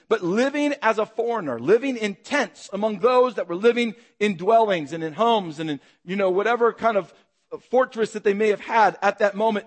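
High-voiced man preaching a lively sermon. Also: big-room sound. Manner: dynamic, rhetorical questions, acts out shouted calls. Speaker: pastor.

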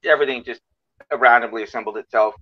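A man's voice: medium pitch, steady tone, fast talker, muffled recording. A man hosting a podcast in casual interview chat, friendly and rambling with frequent restarts. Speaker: podcast host.

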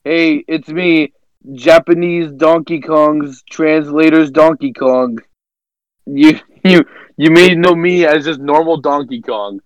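A man's voice: a little high, fairly even intonation, slow pace, smooth, no echo, low-quality recording. A man doing a taunting Donkey Kong ape.

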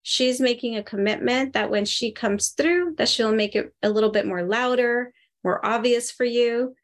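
A woman working as a medium who gives a spirit reading to a participant during a live group session, talking in a chatty, animated way and often laughing. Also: on the high side, normal speed. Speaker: medium, interview guest.

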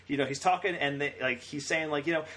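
A man's voice: a little high, quick pace, pushed and bright. A young man co-hosting a podcast, retelling scenes in a rambling, casual way with frequent laughter. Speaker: podcast co-host. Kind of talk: casual chat.

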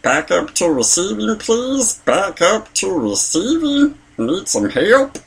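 A high, gravelly, dim cartoon creature. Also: male voice, wildly swooping pitch, slow pace, full character voice. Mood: goofy, friendly. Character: dim childish male cartoon meatball creature. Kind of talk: cartoon impression.

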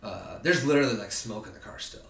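Bright-voiced young man telling a profane story. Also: lowish voice, fast, vocal fry. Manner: profane, animated, acts out quoted voices. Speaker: podcast guest. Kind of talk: casual storytelling. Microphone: distant from the mic. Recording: roomy, distant mic, faint background noise.

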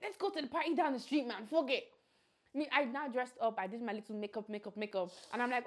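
A young woman, co-hosting a podcast and telling a story in casual, animated chat. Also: fast talker. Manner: animated, jumps into shrill acted-out voices. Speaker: podcast co-host.

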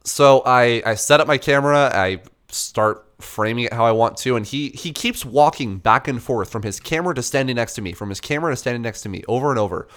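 A young man casually telling a story, animated, swearing and acting out the people in it. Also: a little fast, hardly any pauses. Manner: animated, swearing, acts out dialogue in a higher voice.

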